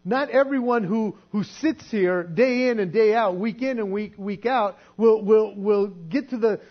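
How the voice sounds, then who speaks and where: A man's voice: high voice, a little slow. A man preaching a sermon in an earnest, conversational way, often repeating words as he goes. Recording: dull lo-fi recording with mains hum.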